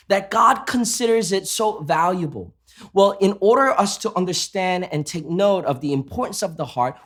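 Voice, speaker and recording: A man preaching a sermon as pastor, emphatic and asking the congregation rhetorical questions. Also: sits high.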